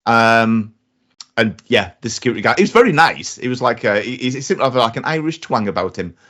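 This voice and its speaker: Podcast co-host, man in his 40s, rambling and animated in his storytelling. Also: mid-range voice, fairly quick. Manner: rambling storyteller, lots of fillers and restarts. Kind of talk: casual chat.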